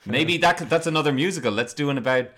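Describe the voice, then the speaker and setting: A man's voice: a little high, quick pace, a bit bright. Wisecracking man co-hosting a podcast. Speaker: podcast co-host. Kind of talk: casual chat.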